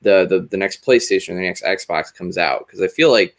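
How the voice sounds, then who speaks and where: Low-voiced man, rambling thoughtfully. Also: a little fast, fairly bright tone. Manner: thoughtful, rambling, with many fillers like "like" and "you know". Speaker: podcast host. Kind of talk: casual chat.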